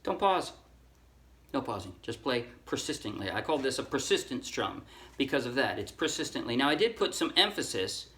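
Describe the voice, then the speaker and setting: A man teaching a ukulele song in a relaxed, casual way, counting strings aloud and correcting himself as he goes. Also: mid-range voice, moderate pace. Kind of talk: casual tutorial talk. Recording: ukulele playing under the voice.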